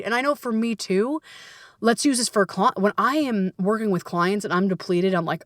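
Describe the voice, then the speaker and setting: A woman coach hosting a casual solo podcast, talking in a lively, playful way with frequent swearing and laughs. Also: medium pitch, fairly quick, dry recording, clean studio sound.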